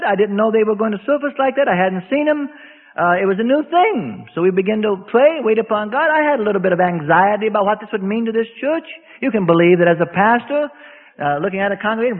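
Pastor, male, very high and lively voice, emphatic folksy delivery, over a tinny radio broadcast. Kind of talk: sermon. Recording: tinny radio broadcast with long hall reverb.

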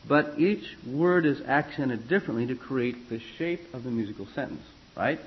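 A man's voice: medium pitch, lively intonation, moderate pace, highs cut off. A man teaching a choir class on vocal expression, talking in a loose, conversational way and spelling out musical terms. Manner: conversational, rambling, fillers and restarts, spells out terms. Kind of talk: classroom lecture on singing.

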